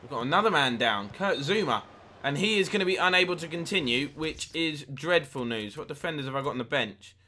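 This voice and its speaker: A man's voice: a little high, lively intonation, a little fast, bright, forceful tone, slight background noise. A man giving chatty play-by-play commentary over his own football video game, livening up at big chances. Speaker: gaming YouTuber.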